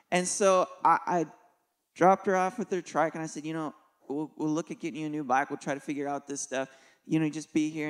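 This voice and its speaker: A middle-aged man preaching a sermon in a church, telling a personal story in a conversational, joking way. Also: a little high. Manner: conversational and joking, with soft dips for emphasis. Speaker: pastor.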